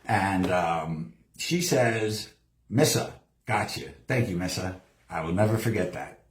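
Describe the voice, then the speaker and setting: A man's voice: deep voice, unhurried. A man hosting a live show, rambling through a story in casual, profane talk and acting out what people said. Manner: heavy swearing, lively storytelling, acts out quotes. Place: home studio. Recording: roomy echo.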